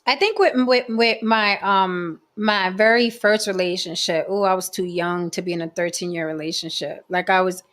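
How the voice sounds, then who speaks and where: A woman's voice: fairly low pitch, fairly even intonation, moderate pace, few pauses, a bit bright. A woman in her forties telling a candid, profane story from her past in a casual group chat. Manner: blunt and profane, laughing as she tells it.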